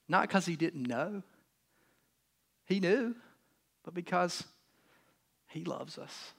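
A man preaching a sermon in a conversational way. He swings from loud emphasis down to soft, near-whispered lines and acts out voices in casual speech. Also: fairly high pitch, unhurried, vocal fry, long pauses. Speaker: pastor.

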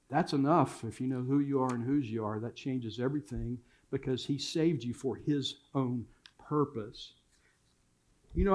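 A man's voice: mid-range voice, darkish tone. An older man preaching a sermon in a church, telling family stories and repeating key phrases for emphasis. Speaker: pastor. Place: church sanctuary.

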